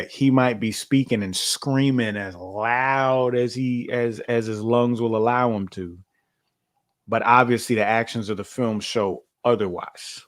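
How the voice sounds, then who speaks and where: A man co-hosting a podcast in casual chat, loose and conversational, with many fillers and restarts. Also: on the low side. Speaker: podcast co-host.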